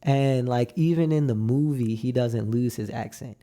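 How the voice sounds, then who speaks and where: A man's voice: medium pitch, normal speed, dark tone. A young man co-hosting a podcast in casual chat, laid-back and drawn out, acting out quotes as he tells a story. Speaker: podcast co-host.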